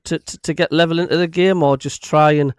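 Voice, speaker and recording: A man's voice: a little high, steady tone, brisk, clean tone, dry recording. Man asking football questions, dry sound. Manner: asks the panel questions. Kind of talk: casual football chat.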